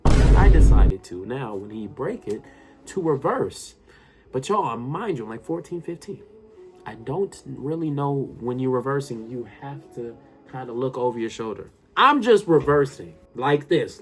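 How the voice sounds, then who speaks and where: Animated man telling a story to his viewers. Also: mid-range voice. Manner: animated, excitable, talks directly to viewers. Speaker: storytime YouTuber.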